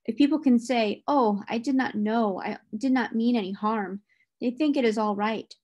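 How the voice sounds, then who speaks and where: A woman reading the part of John, a stable groom who is upset and stern, her pitch rising when he grows indignant. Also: fairly quick, darkish tone, muffled recording, natural voice.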